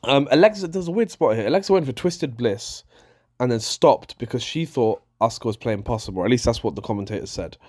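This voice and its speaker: A man's voice: mid-range voice, fairly quick. Exasperated man ranting. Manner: animated and exasperated, with frequent restarts. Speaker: wrestling show reviewer. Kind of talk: casual ranting review.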